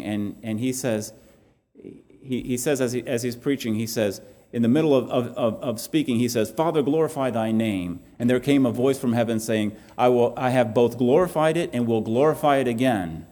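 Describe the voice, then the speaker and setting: A man's voice: on the low side, dark tone. A man preaching a sermon in a church, earnest and often restarting his phrases. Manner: earnest, halting with repeated restarts. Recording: long hall reverb.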